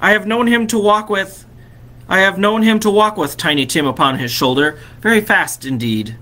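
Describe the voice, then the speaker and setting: A man voicing a gentle grieving mother of a poor family in a soft, raised storytelling voice. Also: on the high side, animated, normal speed. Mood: tender.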